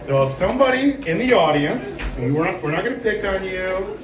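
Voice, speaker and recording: Lively high-voiced man hosting improv. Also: fairly quick. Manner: upbeat, addresses the audience. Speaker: improv troupe host. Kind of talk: live improv comedy. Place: small bar stage with audience. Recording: roomy bar recording from far off. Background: audience crowd.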